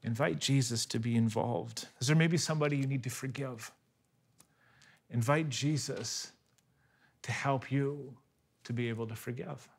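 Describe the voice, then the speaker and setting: A man in his thirties preaching a sermon, telling a story with animated delivery, often restarting on repeated words. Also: medium pitch, moderate pace, gravelly, long pauses, slightly rough. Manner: animated storytelling, voice rising when excited and dropping soft for quiet moments. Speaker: pastor.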